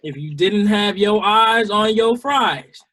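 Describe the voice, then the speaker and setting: A young man chats slowly on a podcast and jokes about camp days. His voice is bright and sits a little high. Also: animated, rough recording. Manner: slow, joking delivery. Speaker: former camp counselor. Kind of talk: casual podcast chat.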